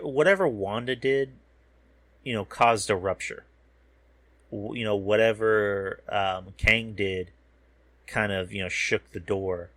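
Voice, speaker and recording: Man, low voice, dry close sound, casual profane recap, rambling. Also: a bit bright, no echo. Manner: rambling, profane, loses words mid-sentence. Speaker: podcast host. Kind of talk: casual recap while watching a show.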